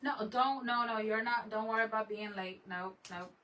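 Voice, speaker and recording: A slightly high, sharp-toned female voice at a moderate pace belongs to a craft livestream host. She chats casually with viewers, greets them in Spanish, laughs often, and drifts off mid-sentence. Her voice comes across a bit distant, over faint room noise.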